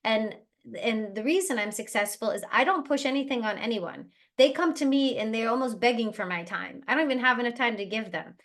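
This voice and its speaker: A woman's voice: fairly high pitch, lively intonation, a bit bright. A woman who owns a travel business, chatting casually as she coaches her team on sales and now and then acting out other people. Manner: chatty, acts out other people in quick bursts. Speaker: travel agency owner leading team training. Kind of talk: casual motivational training talk.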